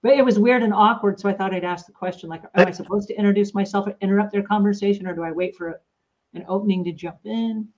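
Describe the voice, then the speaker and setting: A woman's voice: mid-range voice, fast, a little mellow. A woman hosting a podcast, chatting casually and telling stories with lots of fillers, acting out what people said. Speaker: podcast host. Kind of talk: casual chat, storytelling. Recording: dull lo-fi sound.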